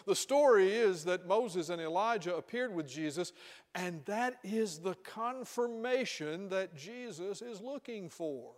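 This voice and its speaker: A man preaching a sermon in a church, retelling a story and questioning his listeners. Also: high voice. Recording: reverberant hall.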